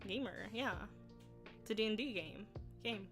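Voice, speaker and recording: A woman's voice: mid-range voice, lively intonation, moderate pace, a bit bright, soft background music. A woman streaming casually, rambling and trailing off as she sets up a game. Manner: rambling, self-deprecating, trailing off. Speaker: streamer and player.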